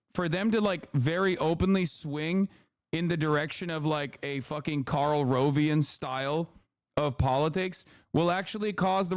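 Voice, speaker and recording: A fairly high-voiced man from the United States rants about politics on his live stream, swearing freely and mocking people with quick impressions. His voice is recorded dry and close to the mic, with no room sound. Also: no room sound. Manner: profane, sarcastic, mocking impressions. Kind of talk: live-stream reaction commentary.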